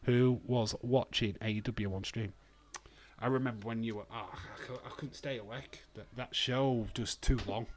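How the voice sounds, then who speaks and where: A man's voice: mid-range voice, fairly even intonation, moderate pace. A Welsh man from Wales, hosting a wrestling watch-along stream with rambling, jokey, sweary casual commentary on a close mic.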